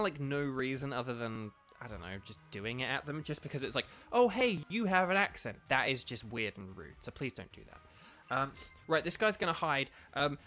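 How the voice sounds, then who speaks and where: Man, gaming live-stream, chatty and rambling, slightly high pitch, bright tone. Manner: chatty, digressive, reads chat aloud. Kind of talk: casual live-stream commentary.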